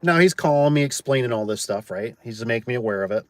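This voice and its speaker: A man's voice: mid-range voice, expressive, fast talker, dry recording. A man with a mid-range voice tells a story from his garage door business in a loose, chatty way. He keeps adding "like" and "right?" as he goes, and his voice sits close to the mic with no room sound around it. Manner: chatty, tosses in "like" and "right?", acts out quoted voices. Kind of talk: casual storytelling.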